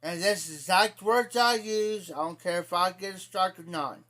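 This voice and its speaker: A man's voice: sits high, normal speed, pushed and bright. A man with an Ohio accent telling a rambling, profane story to his live-stream chat in a casual way. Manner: rambling, profane, repeats himself.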